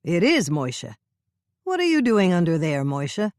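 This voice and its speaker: A woman doing a calm, kind man. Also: on the low side, measured pace, no room sound, studio quality.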